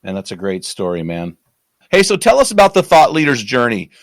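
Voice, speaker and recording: A man's voice: medium pitch, wildly swooping pitch, fairly quick, no room sound. Dry-miked enthusiastic male host. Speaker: podcast host. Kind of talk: interview questions.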